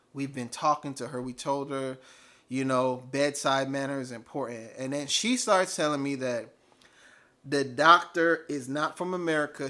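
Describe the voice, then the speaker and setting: A man telling a personal story casually, animated and full of fillers. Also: medium pitch. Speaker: vlogger.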